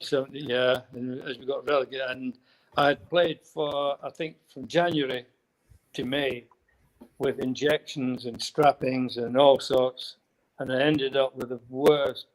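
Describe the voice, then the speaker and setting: A man's voice: mid-range voice, steady tone, unhurried, poor audio. An older man with a Scottish accent, a former footballer telling rambling anecdotes as a guest, breaking into chuckles now and then. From Scotland. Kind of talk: casual storytelling.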